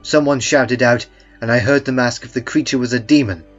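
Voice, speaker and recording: A man tells a dark first-person horror story with a calm, dry, understated delivery. His voice sits at an ordinary middle pitch. The recording is a little muffled, with faint music playing underneath. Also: fairly quick. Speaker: narrator.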